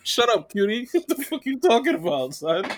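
A man with a bright, forward voice pitched a little high jokes around in a casual podcast chat. He banters in a dismissive, teasing way. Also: big pitch swings, a little fast.

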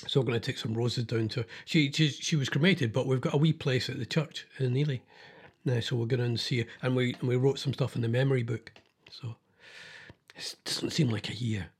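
A man's voice: medium pitch, slightly rough. A man hosting a casual chat about news stories, rambling and thinking aloud as he goes.

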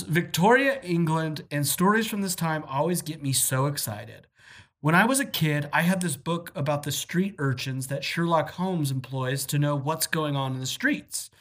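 A woman co-hosting a casual podcast, reading out listener emails with lots of fillers and laughter. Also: low voice. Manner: giggly, animated, lots of fillers.

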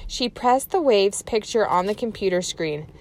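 A woman's voice: medium pitch, animated, moderate pace, darkish tone. A woman reading a chapter book aloud to children, adding chatty asides to her young listeners.

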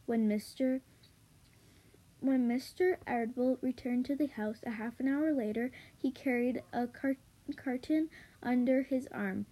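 A woman's voice: high voice, a little slow, mellow, poor audio. A woman reading a children's book aloud, hesitant, with stumbles and fillers. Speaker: reader.

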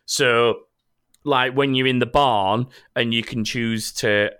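A man's voice: mid-range voice, fairly even intonation, slow pace, fairly bright tone, clear, resonant tone. A man hosting a casual gaming podcast, rambling and joking, swearing now and then. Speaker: podcast host.

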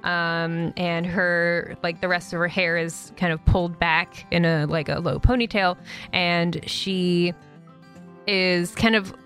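A woman's voice: on the low side, fairly even intonation, slow pace, a bit bright, faint music behind. A woman game master narrating a tabletop game in a loose way, full of fillers. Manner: loose, many fillers and likes.

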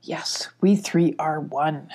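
A gentle, solemn dog in a storybook, talking slowly in a hushed, half-whispered voice, as a woman reads him. His tone is mellow and soft. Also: sits low, exaggerated voice.

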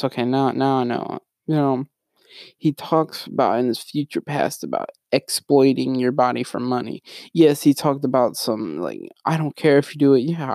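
A man's voice: mid-range voice, vocal fry, a little mellow, no room sound, studio quality. A young man co-hosting a podcast, ranting in a rambling way and often restarting his sentences. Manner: rambling, frequently restarts and sidetracks. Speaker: podcast co-host. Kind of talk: casual ranting commentary.

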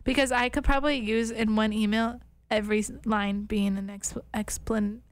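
Young adult woman, podcast co-host; animated, self-deprecating casual chat, slightly high pitch. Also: normal speed. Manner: animated, self-mocking, reads her emails aloud.

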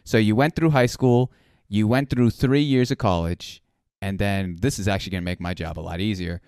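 Playful man hosting with a smooth voice. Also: lowish voice, steady tone, moderate pace, a little mellow, dry recording, studio quality. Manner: playful, teasing, repeats himself. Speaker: host. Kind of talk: casual relationship chat.

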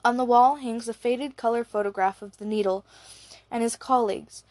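A woman narrating an audiobook in a steady, even reading voice. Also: a little high, normal speed, no echo. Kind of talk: scripted narration.

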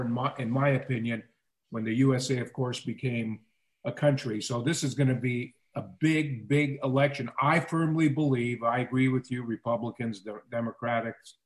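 Guest, male, from Canada, mid-pitched, measured, conversational. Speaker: talk show guest. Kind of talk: political talk show discussion.

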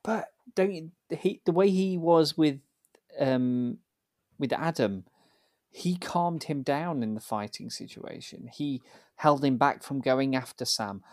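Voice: mid-range voice, animated, slow pace, darkish tone, no room sound. Teasing podcast co-host in a dry room. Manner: teasing, laughs often, steers the show. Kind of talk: casual chat.

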